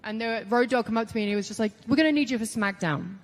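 A woman's voice: a little high, rapid-fire. Chatty woman telling stories, roomy reverb. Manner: chatty, lots of "like", animated quoting of others. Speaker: guest. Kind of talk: casual interview storytelling.

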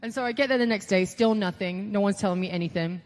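A woman's voice: mid-range voice, fast, big-room sound. A woman guest telling stories in a casual interview, chatty, full of "like" and quoted voices. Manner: chatty, lots of "like", animated quoting of others.

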